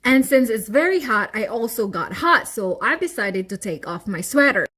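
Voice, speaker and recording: A woman from the Philippines, telling an animated storytime to her viewers. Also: fairly high pitch, moderate pace, slightly rough. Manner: animated, chatty, addresses viewers as guys. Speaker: vlogger. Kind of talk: storytime monologue.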